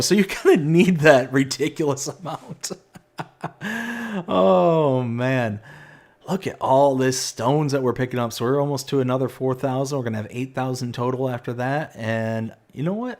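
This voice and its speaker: A man in his thirties hosts a live game stream, chatting excitedly with his viewers. He reads their messages aloud as he plays, with frequent jumps in pitch and energy. His voice sits in an ordinary middle range. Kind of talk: live stream chat while playing.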